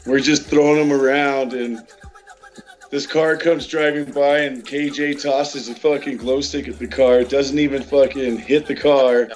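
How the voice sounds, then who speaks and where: A man's voice: medium pitch, steady tone, measured pace. A man telling a rowdy story in casual chat, laughing and swearing often. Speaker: podcast regular.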